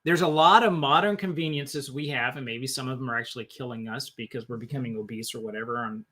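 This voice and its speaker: A man's voice: medium pitch, fast talker, sharp tone. A man hosting a live-stream film discussion, thinking aloud and often restarting his sentences. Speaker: host.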